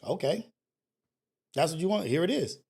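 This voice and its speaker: A man's voice: fairly high pitch, lively intonation, normal speed, gravelly, a little mellow, breathy edge. A man hosting a call-in talk show, ranting bluntly and emphatically, with slang and profanity and lots of repetition. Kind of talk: casual motivational talk show rant.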